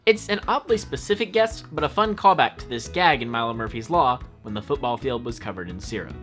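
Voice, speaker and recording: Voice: mid-range voice, expressive, brisk, fairly bright tone, soft background music. A narrator reading a scripted fan video about cartoon references in an enthusiastic, upbeat explainer manner.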